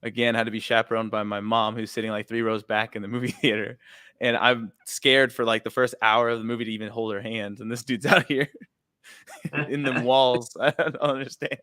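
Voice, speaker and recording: A young man with a Texan accent, a band member chatting casually in an interview, laid-back and quick to laugh. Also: mid-range voice, level tone, sharp tone, no room sound, studio quality.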